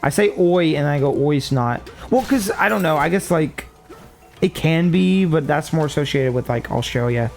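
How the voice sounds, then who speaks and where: A man's voice: fairly high pitch, moderate pace, gravelly, faint music behind. A man chatting casually while streaming a video game. He rambles, mocks himself and swears offhand. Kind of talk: casual gaming stream chat.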